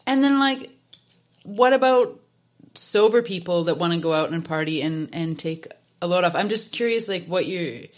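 A woman's voice: lowish voice, lively intonation, normal speed. A woman chatting casually and animatedly, asking questions and using lots of "like". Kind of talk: casual chat.

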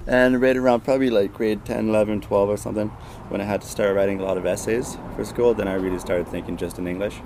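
A man's voice: lowish voice, fairly even intonation, quick pace, noisy background. A man being interviewed, thinking aloud in a rambling way with lots of fillers. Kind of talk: casual reflective chat.

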